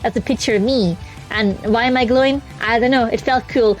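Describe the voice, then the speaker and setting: A woman's voice: a little high, a little fast, soft background music, low-quality recording. Chatty woman streamer. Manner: chatty, self-mocking, laughs often. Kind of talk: casual chat to stream viewers.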